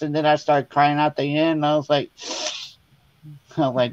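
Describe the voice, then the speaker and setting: A man's voice: fairly high pitch, little pitch movement, moderate pace, long pauses, a little mellow, smooth, no room sound. A man chatting as a guest over a video call, his voice muffled and dry. He tells stories in a loose, rambling way and breaks into laughter often. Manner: laughing, tearful storytelling. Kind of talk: casual chat.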